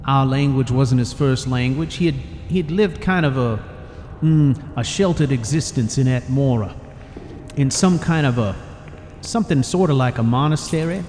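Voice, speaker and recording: Man playing a rambling old Nord warrior for a game story, dark low voice, long reverb tail. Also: normal speed, a little hiss or hum, lightly acted. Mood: explaining. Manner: rambling, folksy, ungrammatical. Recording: long reverb, faint music behind.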